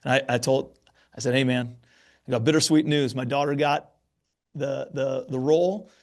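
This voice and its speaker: A man's voice: mid-range voice, steady tone, normal speed. A man in his thirties hosting a podcast, chatting in an encouraging way about his young kids. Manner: warm encouraging, lots of affirmations. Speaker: podcast host. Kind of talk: conversational interview.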